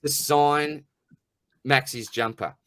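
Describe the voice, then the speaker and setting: A man's voice: a little high, steady tone, slow pace, sharp tone, dry recording. A middle-aged man with an Australian accent, hosting a podcast in blunt, rambling, jokey rants. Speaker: podcast host. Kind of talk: casual chat.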